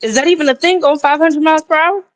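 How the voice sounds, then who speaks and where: A woman's voice: high-pitched, quick pace, no room sound. A woman co-hosting a casual chat, joking around playfully.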